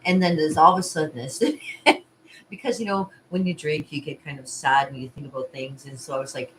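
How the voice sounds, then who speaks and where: A woman with a fairly low voice talks casually to camera from her art studio. She rambles from one thought to the next, laughing often between asides. A faint hum of room ambience sits behind her. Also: steady tone, brisk, rough recording. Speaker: party artist and vlog host. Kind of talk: casual rambling vlog chat.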